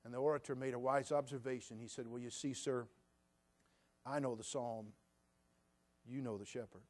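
A man's voice: medium pitch, steady tone, moderate pace, a little mellow. A man preaching a sermon to his church, telling a story in a conversational way. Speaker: pastor. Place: church sanctuary.

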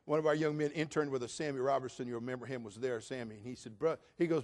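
A man in his sixties preaching a sermon as pastor, telling Bible stories with lively acted-out voices. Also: mid-range voice, fast talker. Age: 60s.

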